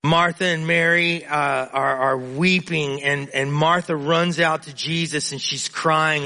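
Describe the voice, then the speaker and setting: A man's voice: fairly high pitch, fairly even intonation, a little slow, few pauses, bright, forceful tone. A male preacher giving an earnest, emphatic sermon, often repeating words as he builds his points.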